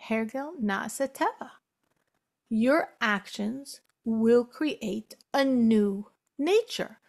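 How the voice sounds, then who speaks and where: American woman teaching a torah class, high voice, swoops all over, repeats stuff for emphasis. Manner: animated, repeats phrases for emphasis, drops into Hebrew quotes. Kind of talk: lively spoken class on a religious text.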